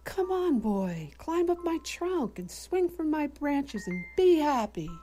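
A woman voicing a loving female apple tree in a read-aloud story, speaking softly and sometimes in a whisper, over faint music. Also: medium pitch, very animated, slow. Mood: joyful. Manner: tender, soft pleading, sometimes whispered.

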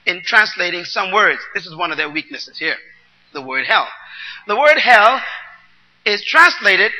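A man preaching a teaching sermon, explaining scripture word by word and calling on the congregation to repeat after him. He swings between loud, emphatic bursts and soft asides. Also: sits high, rough recording. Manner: teaching, asks the congregation to repeat and write words down.

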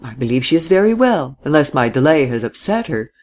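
Reader doing a quiet, ironic young man. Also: medium pitch, sing-song, a little fast, close to an everyday voice. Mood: reserved. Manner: quiet, terse.

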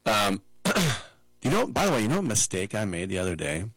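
Middle-aged man, sports radio host, chatty and digressive, fry in a lowish voice. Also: very animated, a bit bright, no echo, rough recording. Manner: chatty, digressive, mimics people in quick asides. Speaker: sports talk show host. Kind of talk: casual sports commentary monologue.

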